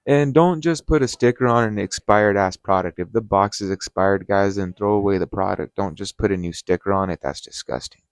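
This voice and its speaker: A man's voice: lowish voice, a little fast, clear, resonant tone, no echo. A young man telling a workplace story to camera in a casual vlog, profane and fired up, talking straight to his viewers. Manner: profane, heated, animated storytelling, addresses viewers as guys. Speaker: restaurant manager.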